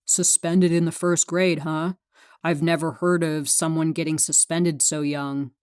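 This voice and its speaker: A woman reading a calm probing male therapist. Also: deep voice, clear, resonant tone, no echo, studio quality. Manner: measured, questioning.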